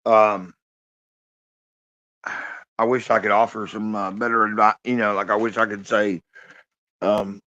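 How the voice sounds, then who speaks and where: A man's voice: lowish voice, level tone, sharp tone. Downcast man in his fifties, swearing. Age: 50s. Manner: downcast, halting, heavy swearing, sighing. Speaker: livestreamer. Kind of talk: live-stream monologue. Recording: muffled lo-fi stream audio.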